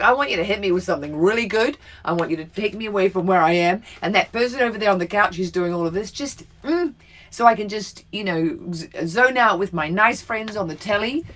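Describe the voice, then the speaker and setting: A woman's voice: medium pitch, a bit bright. Chatty giggly New woman. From New Zealand. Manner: chatty, giggly, self-mocking. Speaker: co-host. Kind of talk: casual chat. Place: home.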